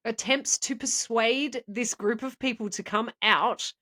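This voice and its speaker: A woman's voice: on the high side, a little slow, hardly any pauses, pushed and bright. A woman co-hosting a podcast, telling a story in a rambling, chatty way and laughing often. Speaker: podcast co-host. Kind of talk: casual podcast chat.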